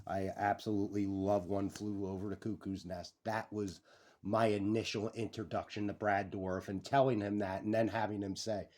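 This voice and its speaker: Young male vlogger, low-pitched, rambling and excitable, swears a lot, chats off on tangents. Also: moderate pace. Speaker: YouTube channel host. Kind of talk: casual vlog chat.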